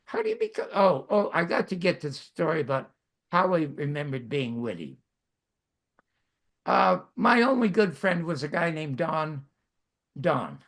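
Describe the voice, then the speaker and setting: Gravelly, husky man in his nineties. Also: fairly high pitch, a bit bright. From Canada. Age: 90s. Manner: wry, self-mocking storytelling. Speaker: host. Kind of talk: storytelling monologue.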